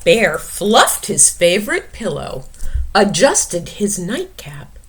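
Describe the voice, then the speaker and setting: A woman reading a picture book aloud for children, gently explaining words and dropping into whispers. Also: on the low side, very animated, slow pace, background noise.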